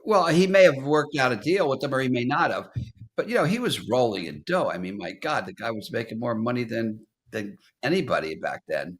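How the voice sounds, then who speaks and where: A man in a casual interview speaks in a relaxed, easygoing way at an average pitch. He tells his stories in a conversational tone and laughs lightly as he goes. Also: a little fast. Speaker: interview guest.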